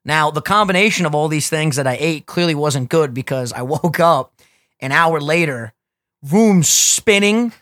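A young man co-hosting a podcast, swearing freely and telling wild stories with plenty of energy. His voice sits a little high and sounds bright and forceful, and it rises to near shouts at the peaks. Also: normal speed, no echo, clean studio sound. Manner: profane, animated storyteller, gets loud and laughs telling stories. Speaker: podcast co-host. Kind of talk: casual podcast chat.

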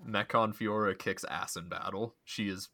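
A man's voice: on the low side, steady tone, moderate pace, pushed and bright. A man co-hosting a casual video game podcast, giving blunt, opinionated takes. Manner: blunt, opinionated gamer talk. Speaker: podcast co-host. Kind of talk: casual spoiler chat.

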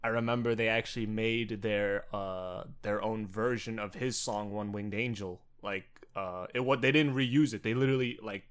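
A man with a New Jersey accent co-hosting a casual podcast chat, animated and joking, laughing often and swearing casually. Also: fairly low pitch, moderate pace, few pauses, smooth. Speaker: podcast co-host.

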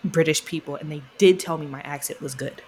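A woman's voice: sits low, fairly quick, darkish tone, a little hiss or hum. A woman co-hosting a podcast in casual chat, playful and teasing, jumping between topics. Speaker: podcast co-host.

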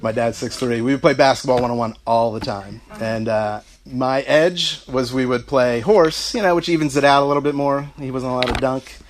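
A man's voice: mid-range voice, normal speed, few pauses. A middle-aged man giving a heartfelt speech about his parents, telling family anecdotes and laughing through them. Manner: storytelling, warm asides, laughing through anecdotes.

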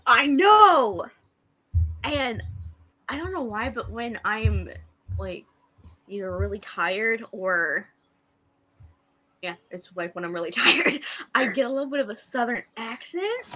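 A woman's voice: on the high side, animated, slow pace, pauses often, sharp tone, low-quality recording. A woman from Kansas co-hosting a casual fan chat, telling stories with frequent laughter. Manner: giggly, storytelling. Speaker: podcast co-host.

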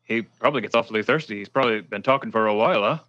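A man's voice: fairly low pitch, racing, lo-fi sound. Hesitant man playing a tabletop game. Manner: hesitant, playful, with many fillers. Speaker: player. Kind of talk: tabletop role-play chat.

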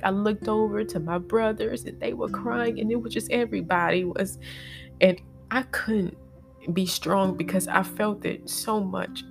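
A woman tells a personal story as a podcast host, her voice gravelly with fry. She speaks haltingly and with feeling, pausing on fillers and restarting her words, while soft guitar music plays behind her. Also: mid-range voice.

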